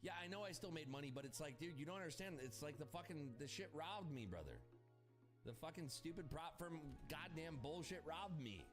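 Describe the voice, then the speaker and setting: A man streams his day trading and rants through it in a loose, profane, exasperated way. His pitch leaps and drops constantly, and steady music plays clearly behind him. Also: brisk. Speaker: day trader streaming live. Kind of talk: casual live-stream commentary.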